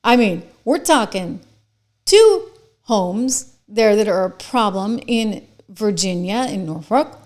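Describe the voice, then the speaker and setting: A woman's voice: medium pitch, lively intonation, takes it slowly, a little mellow. A middle-aged woman hosting a political commentary monologue, sarcastic and mocking.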